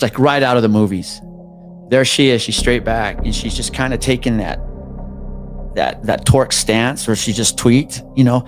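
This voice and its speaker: A man at a middle pitch recounts a story in loose, conversational podcast talk. He shifts his voice for the people he quotes, sometimes going quiet and hushed. Faint music runs underneath. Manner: animated, acts out quoted people, drops to hushed tones. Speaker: podcast guest telling a story.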